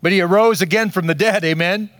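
An older man preaching a sermon, slow and emphatic, with dramatic pauses between phrases. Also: high voice, a bit bright, dry recording. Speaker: pastor.

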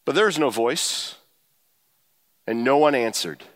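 A man preaching a sermon to his church, talking in an animated way that climbs higher when he quotes and drives home a point. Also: slow pace. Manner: animated, rising pitch when quoting and emphasizing. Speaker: pastor. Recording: long hall reverb.

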